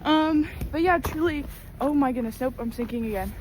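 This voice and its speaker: Out in deep snow, a woman vlogs in a chatty, exclamatory way, poking fun at herself while sounding breathless, her voice slightly rough and a little mellow at a normal speed. She's filmed by a tripod-mounted camera, sometimes from a distance, so this casual narration comes through as a noisy outdoor recording full of ambient sound.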